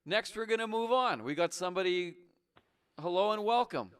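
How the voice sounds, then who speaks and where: In a high, smooth voice with lively intonation and a fairly bright tone, a man hosts a comedic call-in show. He plays a blustering patriotic trucker, bombastic and quick to argue with callers.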